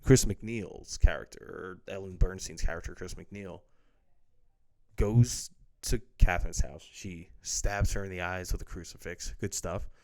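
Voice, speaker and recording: A man's voice: low voice, unhurried, vocal fry, darkish tone. A man giving a casual, ranting film review, blunt and profane, with lots of fillers. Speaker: movie reviewer.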